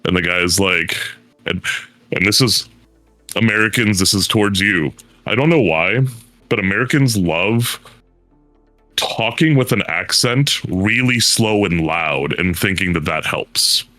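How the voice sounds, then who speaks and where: A man's voice: deep voice, lively intonation, unhurried, sharp tone, no echo, soft background music. A man in a casual panel chat, rambling with many fillers and now and then mimicking others for laughs. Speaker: panel guest.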